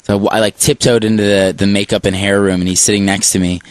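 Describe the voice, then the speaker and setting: A man's voice: fairly low pitch, little pitch movement, quick pace, no echo. A man in his twenties, a singer guest telling a rambling story in a radio studio, full of likes and restarts. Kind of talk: casual radio interview chat.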